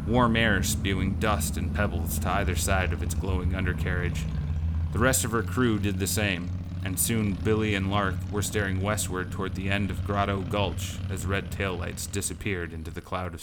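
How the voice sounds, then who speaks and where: A man narrating a scripted space-western story in a measured, even storytelling manner. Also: low voice, background noise. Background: faint guitar music.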